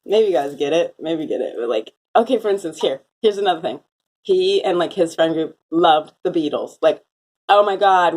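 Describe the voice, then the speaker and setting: A young woman telling a rambling story in a casual vlog, full of "like" fillers and quick laughing asides. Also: fairly low pitch, expressive. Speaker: vlogger. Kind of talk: casual chat, recounting a dream. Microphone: phone.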